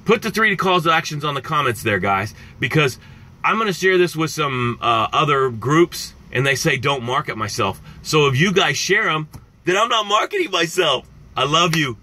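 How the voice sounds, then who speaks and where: Bright, impassioned male success coach. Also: on the high side, expressive, normal speed. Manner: impassioned, repetitive, addresses viewers directly. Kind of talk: motivational live-stream talk.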